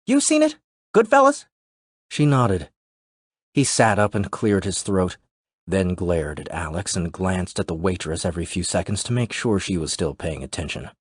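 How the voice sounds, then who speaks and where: A man narrating a thriller audiobook in a steady, measured way. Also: low voice, breathy edge, dry recording, clean studio sound.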